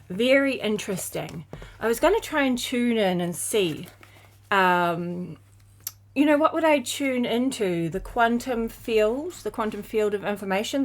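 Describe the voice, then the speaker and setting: New Zealand woman, spiritual guide, unhurried and rambling, lots of "um"s. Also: mid-range voice. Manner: rambling, dreamy, many fillers and trailing phrases. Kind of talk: casual spiritual vlog talk.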